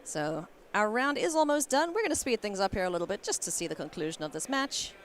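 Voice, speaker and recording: A woman doing live card game commentary at a tournament, playful and quick to laugh. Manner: playful, laughs often, animated swings in pitch. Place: convention hall.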